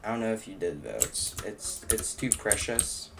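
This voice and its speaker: A man's voice: on the low side, normal speed, creaky, background noise. A young man live-streaming a game, chatting casually and rambling to himself and his cat. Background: keyboard clicks and typing.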